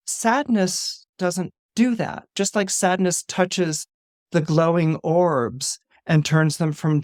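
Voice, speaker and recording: A man, a guest astrologer on a podcast, retelling a film in casual, animated storytelling with laughs and restarts. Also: a little high, no room sound, clean studio sound.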